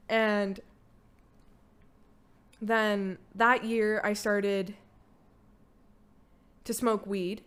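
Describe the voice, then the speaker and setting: A young woman talking through her own past in a relaxed podcast chat. Her voice is smooth and clear at a middle pitch. She speaks casually and bluntly, with plenty of "like" fillers and the odd curse word. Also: extremely slow, long pauses. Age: young adult. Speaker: podcast guest, host's daughter. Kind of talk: candid personal storytelling.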